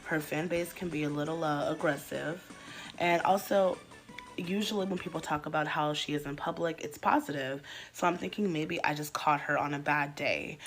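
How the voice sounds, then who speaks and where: A woman telling an exaggerated comic story, swinging between loud outbursts and hushed asides. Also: deep voice. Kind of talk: comedic storytime skit.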